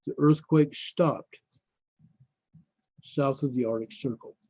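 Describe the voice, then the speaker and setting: A man hosting a casual live stream, talking viewers through earthquake reports in a rambling, unhurried way and calling them folks. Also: mid-range voice, darkish tone, breathy edge, no room sound. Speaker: livestream host. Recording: dull lo-fi dry stream audio.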